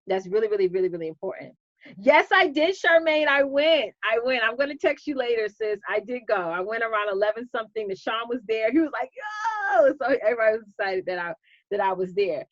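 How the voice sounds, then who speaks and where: A woman coach hosting a casual live stream, chatty and animated, greeting viewers by name. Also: on the high side, fast talker, no room sound, lo-fi sound.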